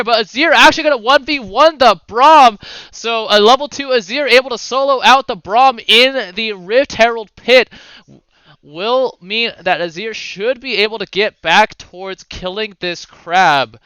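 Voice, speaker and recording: A man giving casual play-by-play commentary on a video game match, with quick calls and the odd swear. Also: very high-pitched, pushed and bright, smooth, no room sound, low-quality recording. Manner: fast play-by-play with swearing and asides. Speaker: esports caster.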